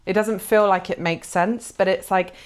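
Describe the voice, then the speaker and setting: A woman giving a gentle, reassuring pick-a-card tarot reading, heartfelt and full of soft fillers. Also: mid-range voice, steady tone, moderate pace, smooth. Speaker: tarot reader.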